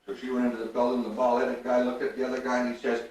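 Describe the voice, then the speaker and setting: A man's voice: mid-range voice, completely flat delivery, racing, a little mellow. Older man telling folksy jokes. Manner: drawling rural humor, acts out the punchlines. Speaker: storyteller. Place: large room at a reunion. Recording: echoey room, recorded from far off.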